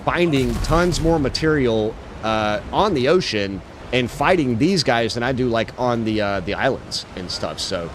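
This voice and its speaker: A man's voice: medium pitch, animated, a little slow, few pauses, a little hiss or hum. A man livestreaming a game, chatting casually in a laid-back, slangy way with lots of swearing. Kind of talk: casual chat while gaming.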